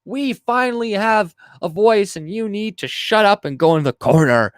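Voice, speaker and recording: A man mocking a shrill furious woman. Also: animated, normal speed, dry recording, clean studio sound. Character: angry shrill young woman scolding.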